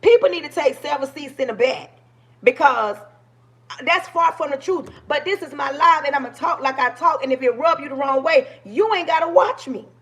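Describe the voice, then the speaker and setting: A woman in her forties speaks with a high voice. She is streaming live into a phone camera, talking to her viewers with passion and a preachy edge. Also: brisk, fairly bright tone. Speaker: livestream host. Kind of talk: livestream talk.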